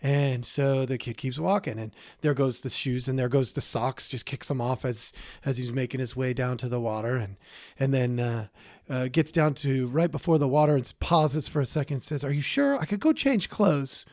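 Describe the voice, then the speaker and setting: A man's voice: mid-range voice, fairly even intonation, normal speed, darkish tone, dry recording. Guy rambling through a story on a podcast, lots of ums, dry close sound. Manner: rambling, many fillers and restarts. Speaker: podcast co-host. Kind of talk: casual storytelling.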